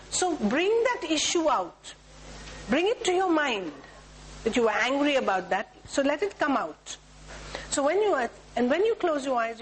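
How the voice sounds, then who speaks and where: A woman's voice: high voice, slight background noise, low-quality recording. Indian woman leading a tapping exercise. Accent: Indian English. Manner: instructive, repetitive chanting of cue words. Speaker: workshop leader. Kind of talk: guiding a group through a tapping exercise. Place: talk room with a group.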